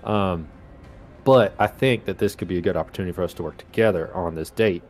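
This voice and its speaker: Low-voiced man at a tabletop game. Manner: rambling and halting in character speech. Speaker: player. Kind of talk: playing a tabletop game in character.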